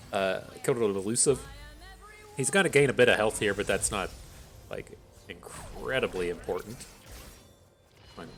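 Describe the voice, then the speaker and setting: A man giving casual commentary on his own card game as a streamer, thinking out loud in an analytical, wry way. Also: fairly low pitch.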